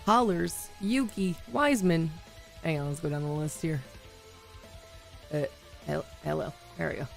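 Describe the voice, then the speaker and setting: A chatty woman streamer with a lowish, gravelly voice that is still slightly hoarse, greeting her viewers and laughing easily. She talks into a desk mic at home, with faint music playing under her voice. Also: a little slow, long pauses. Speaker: livestream host. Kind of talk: casual live-stream chat.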